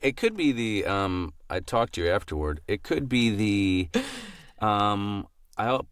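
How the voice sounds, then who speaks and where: A man co-hosting a podcast, making slow, dry teasing remarks in a casual chat. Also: fairly low pitch, animated, clear, resonant tone, no echo. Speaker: podcast co-host.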